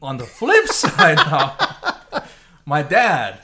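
A man's voice: on the high side, wildly swooping pitch, very slow, pushed and bright. A man telling a family story in casual chat, laughing often and acting out the voices of his relatives.

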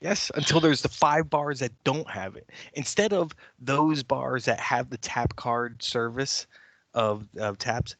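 An older man with a bright, forceful voice, recorded dry and close. He co-hosts a casual podcast chat and tells animated stories with the odd swear word. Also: mid-range voice, measured pace, no echo. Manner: animated storyteller, swears freely. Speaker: podcast co-host.

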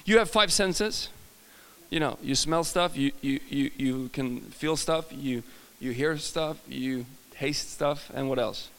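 Slow and medium-pitched, with a slightly bright tone and a big-room sound, a man with a Swedish accent gives a casual sermon full of jokes. He often restarts his sentences, corrects himself, and talks and jokes with the audience.

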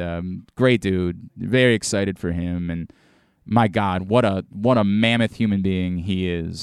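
A man's voice: low voice, darkish tone, clean tone, no echo, studio quality. A man hosting a sports radio show, talking emphatically and often stumbling over and repeating his words. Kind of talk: casual sports talk.

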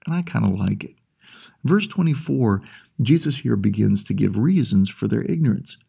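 A man's voice: fairly low pitch, lively intonation, normal speed, vocal fry, warm tone, slightly rough. A man preaching a sermon as pastor, explaining his points at length and posing rhetorical questions.

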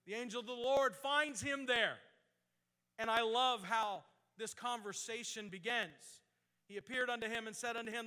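A man preaching a sermon, reading scripture slowly in old-fashioned wording and building to fervent exhortation. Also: very high voice, pushed and bright, clean tone, in a large hall. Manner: reads scripture in slow King James cadence, then builds to fervent exhortation.

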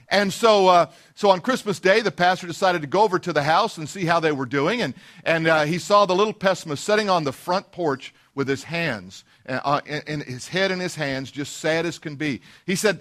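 High-voiced male pastor, folksy sermon. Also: fairly quick, fairly bright tone. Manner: folksy storytelling with many fillers and restarts.

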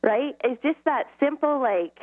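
A woman's voice: high voice, animated, unhurried, no room sound. A middle-aged woman, a guest, telling stories earnestly, acting out dialogue and laughing often. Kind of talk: casual interview storytelling. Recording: tinny phone-line audio, dry.

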